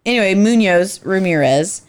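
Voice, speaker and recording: A woman's voice: medium pitch, animated, moderate pace. A woman co-hosting a casual podcast, reading from her notes, tripping over names and poking fun at herself. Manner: reads from notes, stumbles on names, self-mocking. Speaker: podcast co-host. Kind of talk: casual true-crime podcast chat.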